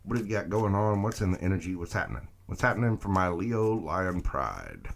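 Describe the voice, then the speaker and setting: A man's voice: low-pitched, big pitch swings, brisk, creaky, few pauses. A man reading tarot cards on a live stream, chatting with viewers and greeting them by name. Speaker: tarot reader.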